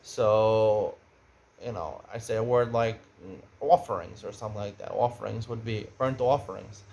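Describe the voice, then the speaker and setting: A middle-aged man gives a Talmud study lecture, speaking conversationally and getting animated when he raises questions. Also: fairly low pitch, moderate pace, gravelly, lo-fi sound. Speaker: Talmud teacher.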